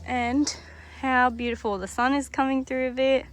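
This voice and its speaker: A woman's voice: high-pitched, flat delivery. A woman vlogging outdoors on a country road during a cycling tour, chatting in an upbeat way. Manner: chatty, upbeat, quick laughs. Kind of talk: casual chat.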